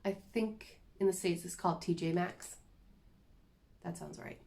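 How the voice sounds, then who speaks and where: A woman's voice: fairly low pitch, steady tone, measured pace, vocal fry, darkish tone. A woman chatting casually and self-deprecatingly as she shows her cross-stitch projects to the camera. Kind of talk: casual show-and-tell chat.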